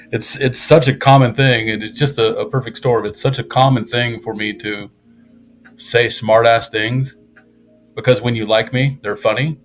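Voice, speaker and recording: A man's voice: medium pitch, steady tone, normal speed, soft background music. A man chatting casually on a live stream in a rambling, sarcastic and self-mocking way.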